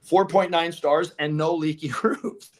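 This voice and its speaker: A man whose voice sits a little high takes his time telling stories in an easygoing interview. He co-owns a solar business and animatedly performs other people's dialogue, chuckling throughout.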